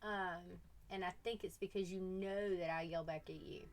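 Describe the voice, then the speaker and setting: A woman's voice: on the low side, fairly even intonation, moderate pace. A woman casually chatting with her viewers on a live stream, teasing them playfully and laughing often.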